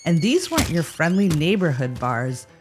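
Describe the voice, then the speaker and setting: A woman's voice: low voice, sing-song, moderate pace, music in the background. A woman co-hosting a podcast, telling a history story with playful, jokey asides. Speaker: podcast co-host. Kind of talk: scripted podcast banter.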